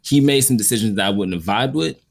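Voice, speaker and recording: A man's voice: on the low side, fast, gravelly. A man in casual conversation reviewing an anime series, rambling loosely with lots of filler words. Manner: relaxed, rambling, frequent "like" fillers. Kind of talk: casual podcast chat.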